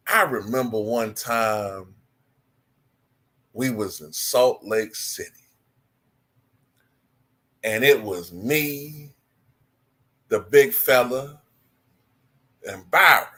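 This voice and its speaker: Man impersonating a slow-talking basketball legend. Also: fairly low pitch, natural voice. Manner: slow, rhythmic cadence. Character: laid-back male basketball legend telling stories.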